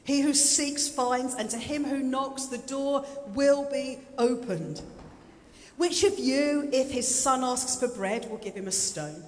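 Woman preacher with a bright, high voice, talking easily with the room; long hall reverb under her. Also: slow. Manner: chatty preaching, repeating phrases, joking asides. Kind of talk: sermon. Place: church hall. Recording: echoey hall with music. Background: live instrumental music.

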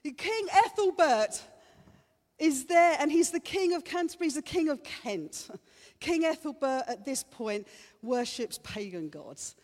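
Woman preacher, high pitched, playful sermon, live hall echo. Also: lively intonation, measured pace, darkish tone. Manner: chatty, playful, teases the congregation. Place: church hall. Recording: reverberant hall.

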